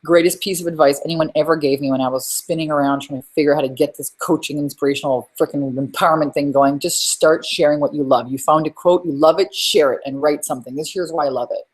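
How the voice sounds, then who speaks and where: A woman hosting a live webinar from home as a business coach, talking in an energetic, rambling, emphatic way. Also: low voice, quick pace, hardly any pauses, breathy edge.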